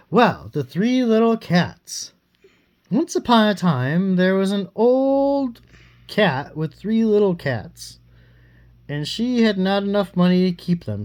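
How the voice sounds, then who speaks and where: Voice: mid-range voice, slow. Playful adult reading a bedtime story. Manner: playful, teasing, lively storytelling. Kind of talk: reading a fairy tale aloud to a child.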